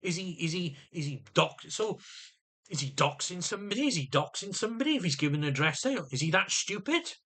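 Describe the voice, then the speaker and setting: A man's voice: sits high, animated, brisk, bright, forceful tone. A man venting to camera in an agitated monologue, often restarting and repeating his words. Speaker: vlogger.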